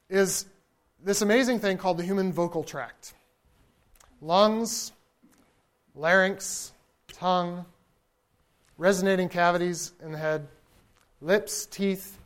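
A man giving a lecture in a relaxed, conversational way, often asking his listeners "right?" and chuckling between points. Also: sits high. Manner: conversational, checks in with the audience; imitates baby babble to illustrate points. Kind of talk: lecture to an audience.

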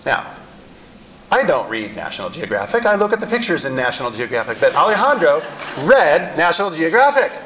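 A middle-aged male pastor tells neighborhood stories from the pulpit with wry, self-deprecating humor. His voice sits a little high for a man. Faint background noise hums under the recording. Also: sing-song, brisk, fairly bright tone, rough recording. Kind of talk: sermon storytelling.

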